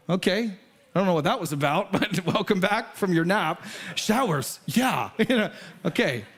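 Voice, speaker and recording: A man preaching a sermon as pastor, in a casual, conversational way that builds to emphatic peaks. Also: a little high. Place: church sanctuary.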